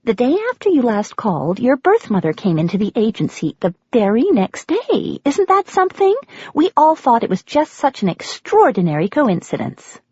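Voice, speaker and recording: A woman voicing a brisk, efficient American woman working as an agency clerk, with a nasal voice and an American accent. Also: medium pitch, sing-song, a little mellow, slightly rough, no room sound, highs cut off. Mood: efficient, chatty.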